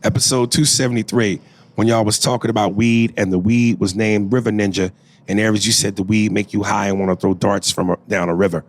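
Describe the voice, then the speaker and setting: Reading listener emails on the podcast he co-hosts, this man jokes, swears, and bursts out laughing in a casual manner. He speaks fairly quickly in a steady, lowish tone, with no room sound in the recording.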